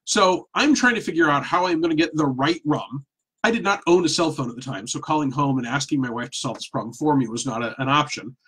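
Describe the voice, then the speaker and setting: A middle-aged man tells a personal anecdote in a relaxed, animated way, poking fun at himself. His voice is a bit husky and sits slightly high for a man. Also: fast talker. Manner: animated, self-deprecating. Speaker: storyteller. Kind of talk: casual storytelling.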